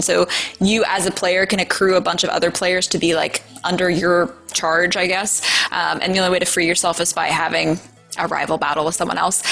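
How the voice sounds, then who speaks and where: A woman's voice: on the low side, a bit bright, rough recording. A woman voice actor telling playful, self-mocking studio anecdotes in a casual interview. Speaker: voice actor, guest.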